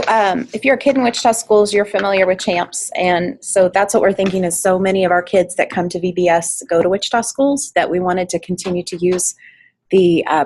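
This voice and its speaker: A woman's voice: fairly low pitch, darkish tone, a little hiss or hum, low-quality recording. A woman coordinating volunteers, giving a practical training talk with frequent fillers, speaking to a room and an online meeting. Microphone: online meeting mic, at varying distance.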